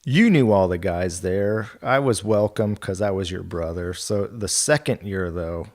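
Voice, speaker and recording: Low-voiced man telling golf stories. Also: a little slow, a little mellow. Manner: rambling anecdotes, quoting others, laughing. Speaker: golf club territory manager guest. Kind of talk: casual podcast storytelling.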